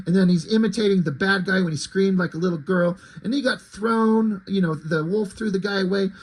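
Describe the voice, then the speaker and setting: Husky, high-voiced man chatting about comics. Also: brisk, poor audio. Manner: chatty, rambling, swears casually. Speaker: comic book reviewer. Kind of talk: casual commentary.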